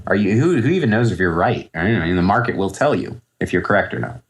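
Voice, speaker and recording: Low-voiced man rambling in an interview. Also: expressive, fast. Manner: rambling, self-correcting, thinks aloud. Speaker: trader, podcast guest. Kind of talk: casual interview talk.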